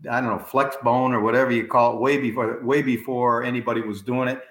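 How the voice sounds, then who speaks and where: Man, sports show host, animated storyteller, casual interview, echoey room. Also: mid-range voice, fast talker. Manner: animated storyteller, swears stories are true. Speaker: podcast host. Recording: roomy echo.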